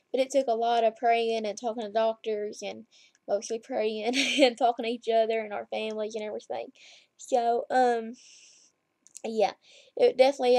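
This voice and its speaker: Lying down at home, a woman in her twenties vlogs a long story into her laptop webcam, chatting casually and rambling loosely. Her voice sits a bit high for a woman and has a dark tone, and the sound is close and dry with no room echo.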